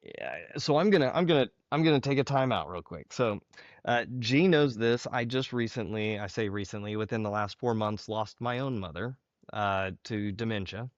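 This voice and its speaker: A man hosting a podcast interview, speaking earnestly and reflectively, with pauses. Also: fairly low pitch, no echo. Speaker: podcast host. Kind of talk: interview conversation. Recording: dull, slightly lo-fi, dry.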